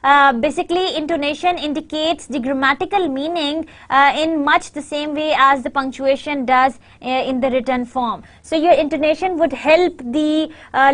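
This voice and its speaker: Woman lecturer with a high voice, Urdu-speaking, filler-heavy delivery, slow read-out examples. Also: a bit bright. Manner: many fillers, reads out example sentences slowly. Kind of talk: university lecture.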